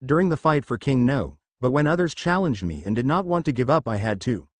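A man's voice: medium pitch, lively intonation, fairly quick, no room sound, natural voice. A man voicing a boastful giant male monster king who teases a boy, read from a storybook in a dry room. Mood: gruff teasing. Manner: gloating, calls the boy whelp. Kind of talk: storybook reading.

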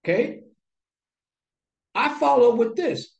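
A man's voice: sits high, animated, measured pace, highs cut off. A man teaching sales technique in an instructional talk to camera. He speaks emphatically, repeats his key phrases and asks rhetorical questions. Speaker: sales coach. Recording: echoey room.

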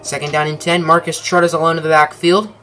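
A man's voice: on the high side, little pitch movement, fast talker, sharp tone, soft background music. A young man narrating a football video game in mock sportscaster play-by-play, with dry asides. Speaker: gaming commentator.

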